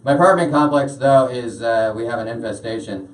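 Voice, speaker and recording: A man's voice: medium pitch, a little fast. A young man doing a stand-up set, rambling with lots of filler uhs. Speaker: stand-up comedian. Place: small washroom used as a stage. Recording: echoey room, voice from far off.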